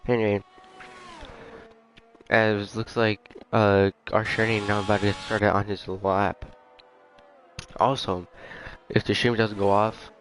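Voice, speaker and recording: A man's voice: lowish voice, fairly bright tone. A man casually commentating a sim racing league stream, rambling and easygoing with muttered asides. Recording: faint background noise.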